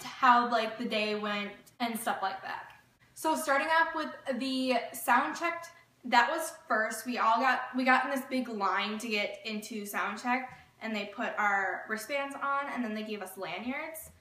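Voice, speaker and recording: Bright-voiced chatty woman vlogger. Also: a little high. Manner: gushing, chatty, many fillers. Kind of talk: casual storytelling vlog. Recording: echoey room, mic at a distance.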